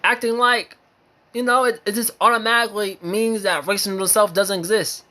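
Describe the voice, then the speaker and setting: A man's voice: high-pitched, steady tone, normal speed, sharp tone. An American man delivering an impassioned opinion monologue, emphatic and repetitive, hammering his points with repeated phrases and swearing. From United States. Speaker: vlogger sharing opinions.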